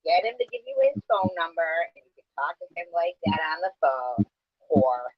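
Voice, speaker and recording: A woman's voice: sits low, expressive, brisk. A woman with a mid-range voice trades crude, blunt jokes on a casual livestream. Her audio comes through slightly dull and lo-fi. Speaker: livestream co-host. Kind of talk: casual late-night banter.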